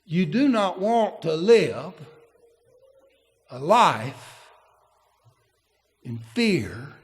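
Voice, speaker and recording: Male preacher, high lively delivery, unhurried, long church reverb. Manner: emphatic, repeats key words, reads scripture aloud. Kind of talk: sermon.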